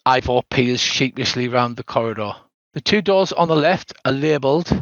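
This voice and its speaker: An older British man running a tabletop game as game master, narrating scenes with dramatic pauses. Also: medium pitch, animated, a bit bright, no echo, muffled recording.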